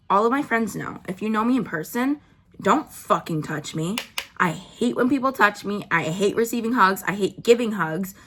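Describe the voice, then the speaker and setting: A woman's voice: medium pitch, pushed and bright, slight background noise. A young woman telling a story in a blunt, sarcastic way, swearing often, while doing her makeup at home. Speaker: beauty vlogger. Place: at home indoors.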